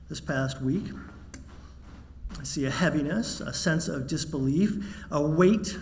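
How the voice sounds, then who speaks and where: A man preaching a sermon to his congregation, measured and wry, telling a joke before turning serious. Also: on the high side, fairly bright tone. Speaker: minister.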